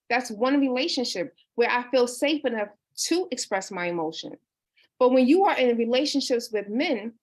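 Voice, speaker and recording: A woman in her thirties, a life coach, talking casually and earnestly on a livestream, reading out viewer comments. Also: on the high side. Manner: earnest and personal, with many restarts and "you know". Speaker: life coach hosting a book discussion.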